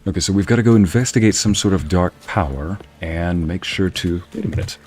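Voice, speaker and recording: A man giving wry, animated commentary while streaming a video game, often talking to himself. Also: deep voice, brisk. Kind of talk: gameplay commentary.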